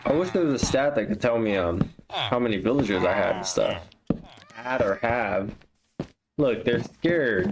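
A man casually commenting on his own gameplay, chatty and easily excited. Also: mid-range voice, moderate pace, background noise. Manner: excitable, flares up into frustrated outbursts. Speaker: gaming vlogger.

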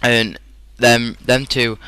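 A man's voice: mid-range voice, flat delivery, slow, bright, forceful tone, clear, resonant tone, no echo, low-quality recording. A young man in his teens with a British English accent, chatting rambly and casually as a gaming commentator, full of fillers. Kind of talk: casual storytelling over gameplay.

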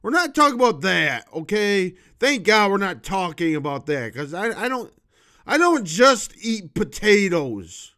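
Slow, bright-voiced rambling man. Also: high-pitched, sing-song. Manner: rambling, shifts from loud outbursts to muttering. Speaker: vlogger. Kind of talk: rambling comedic monologue.

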